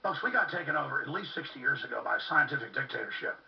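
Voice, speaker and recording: A man's voice: mid-range voice, lively intonation, quick pace, vocal fry, a little hiss or hum. A man hosting a talk radio show, delivering an impassioned monologue with urgent repetition. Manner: fervent, ranting, with urgent repetition. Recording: muffled, distant, lo-fi recording.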